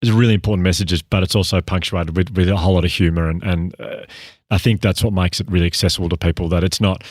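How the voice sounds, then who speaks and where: A man's voice: low voice, fairly even intonation, fast talker, a little mellow, no echo, clean studio sound. A man co-hosting an interview, wrapping up the chat with gratitude. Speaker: podcast co-host. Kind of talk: interview wrap-up.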